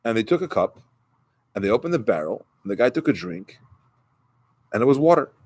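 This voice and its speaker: A man's voice: mid-range voice, big pitch swings, a little fast, darkish tone, husky. A man who is a rabbi, giving a conversational sermon and retelling a story with quoted dialogue.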